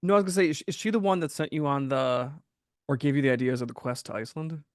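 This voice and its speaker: A man's voice: medium pitch, quick pace. A man hosting a casual interview podcast, chiming in with short reactions and asking long, probing questions. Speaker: podcast host.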